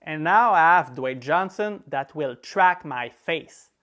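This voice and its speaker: A man's voice: on the high side, lively intonation, slow pace, pushed and bright. A man with a French accent, a native French speaker, hosting a screen-recorded app tutorial and walking through each step in an easygoing way with small laughs. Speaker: tech tutorial host.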